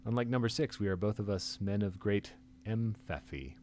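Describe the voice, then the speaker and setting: A man's voice: lowish voice, moderate pace, a little mellow, a little hiss or hum. A man co-hosting a casual podcast, trading wordplay and playful grandiose intros. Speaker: podcast co-host. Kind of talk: casual chat.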